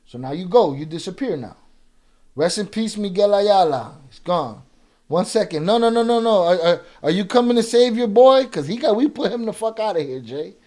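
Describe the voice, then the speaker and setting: A man's voice: high-pitched, animated, moderate pace, a little mellow. A man hosting a live reaction stream, talking in a profane, confrontational way with heavy street slang and reading viewer chat aloud. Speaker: livestream reaction host. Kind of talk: casual livestream chat.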